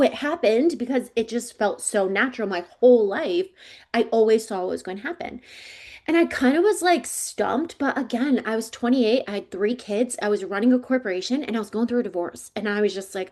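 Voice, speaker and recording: Speaking a little high, a woman in her forties chats casually through an interview about her life as a psychic coach. She brightens into lively character voices each time she quotes others.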